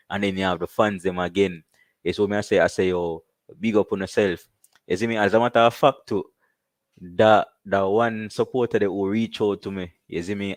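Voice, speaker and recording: A Jamaican man hosting a casual live stream, chatting loosely and giving shout-outs to viewers. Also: low voice, dry recording.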